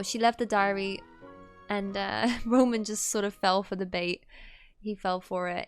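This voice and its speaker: A woman's voice: medium pitch, clear, resonant tone, dry recording. A woman commenting on her life-sim gameplay in a chatty, rambling way, full of fillers and small laughs. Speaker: gaming host. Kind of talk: let's play commentary.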